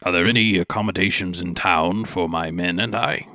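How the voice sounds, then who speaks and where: A man voicing a pompous, loud male paladin commander who speaks in a stiff, formal way. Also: low-pitched, steady tone, normal speed, no room sound, clean studio sound. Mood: haughty.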